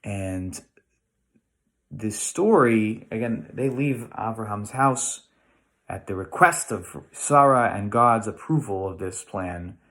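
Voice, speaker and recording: A man's voice: on the low side, slow, fairly bright tone. A middle-aged American man giving a casual Torah lesson, thinking aloud with restarts and rhetorical questions. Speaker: rabbi teaching weekly Torah lesson.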